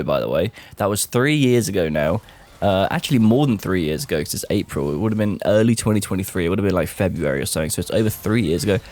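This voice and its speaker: A young man talking casually to camera, animated, swearing freely and calling the listener bro. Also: low voice. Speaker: vlogger.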